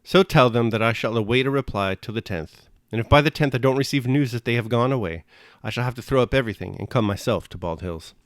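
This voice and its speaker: A man's voice: mid-range voice, fast talker, hardly any pauses, no echo, studio quality, natural voice. A man voicing a young prince and officer who gives terse, authoritative orders. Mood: commanding.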